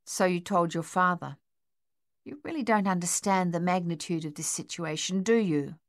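Woman playing a worried storybook mother, low voice, hushed and pleading. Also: moderate pace, dry recording, studio quality, lightly acted. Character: worried anxious mother pleading with her son.

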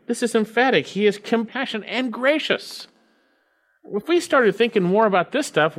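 A man's voice: mid-range voice, fairly bright tone. A man preaching a sermon, reading scripture aloud and stressing key phrases by repeating them. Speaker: pastor.

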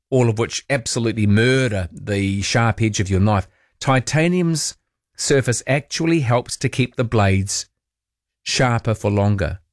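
A man's voice: mid-range voice, dry recording, clean studio sound. A man hosting a late-night talkback radio show, chatting wryly and putting questions to listeners. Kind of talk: casual talkback chat. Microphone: studio microphone.

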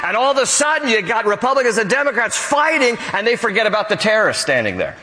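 High bright-voiced male pastor preaching. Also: fast talker, hardly any pauses, long reverb tail, some chatter behind, poor audio. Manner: animated, acts out quotes. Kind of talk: sermon.

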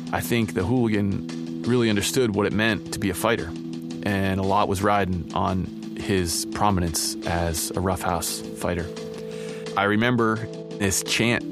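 A man telling a personal story in a relaxed, conversational way, with guitar music under his voice. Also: deep voice. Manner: relaxed, conversational with frequent "you know" and "kinda". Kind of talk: first-person spoken storytelling.

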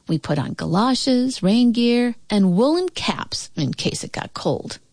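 A woman reading a children's story aloud in an expressive, animated way. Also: a little high, slow pace, no room sound, studio quality.

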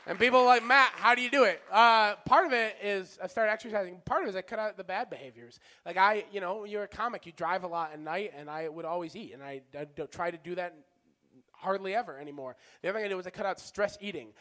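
Brief: self-deprecating male stand-up, higher voice, loud-to-soft swings. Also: fast. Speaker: stand-up comic. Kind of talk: stand-up storytelling.

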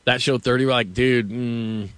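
A man hosting a sports radio show, rambling through anecdotes with quick laughs. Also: mid-range voice, little pitch movement, fairly bright tone, smooth, no echo. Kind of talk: casual radio banter.

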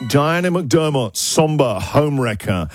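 A joking male radio breakfast host with a lively, up-and-down voice and a slightly high pitch. He talks in quick banter and laughs easily. Music plays clearly under him. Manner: jokey, laughs often.

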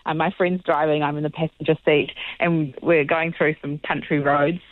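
A woman's voice: low-pitched, level tone, normal speed, dry recording. A woman comes through a narrow phone line in a dry, close recording. She tells her story with animation and takes on the voices of the people in it as she goes. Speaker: caller. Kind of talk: casual phone chat.

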